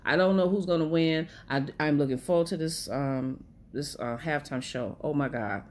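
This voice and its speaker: A woman's voice: low-pitched, normal speed, slight background noise. A woman vlogger chatting casually about movies in an emotional, gushing way. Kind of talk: casual movie-recommendation vlog.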